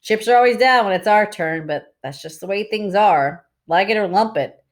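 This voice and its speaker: A woman's voice: medium pitch, moderate pace, lightly acted. A woman doing a cocky wisecracking teen greaser. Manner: cocky, good-natured, blunt.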